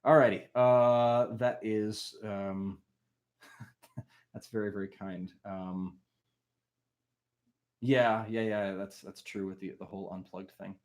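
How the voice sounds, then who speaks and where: Man, musician talking to a live-stream crowd, lowish voice, loose and rambling, plenty of ums. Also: fairly even intonation, takes it slowly, long pauses, a little mellow. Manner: rambling, full of fillers, self-deprecating. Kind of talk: casual chat with a livestream audience.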